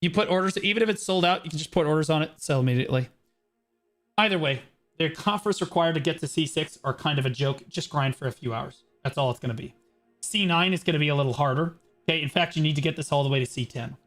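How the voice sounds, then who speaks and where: A man's voice: a little high, fairly bright tone, soft background music. A man streaming live, walking viewers through a game gearing guide in a brash, profane, casual way, tagging his points with "okay". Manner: brash, profane, explains in quick bursts with many "okay"s. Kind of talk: casual livestream commentary.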